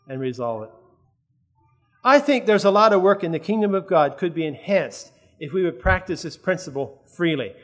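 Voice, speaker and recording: Guy preaching a sermon, fairly high voice, earnest and chatty, keeps asking if folks follow. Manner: earnest, conversational, checks in with listeners.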